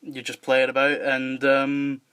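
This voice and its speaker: A man's voice: mid-range voice, monotone, a little slow, pushed and bright, clean tone. A man hosting a podcast in casual chat, rambling and joking with lots of fillers and laughs. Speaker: podcast host and filmmaker.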